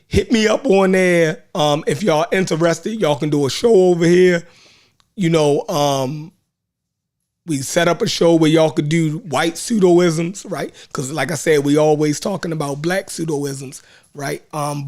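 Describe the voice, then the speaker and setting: Slow-talking Baltimore man hosting a stream. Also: fairly high pitch. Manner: rambling and laid-back, many fillers, greets viewers by name. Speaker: host of a live online show. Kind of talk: casual livestream chat.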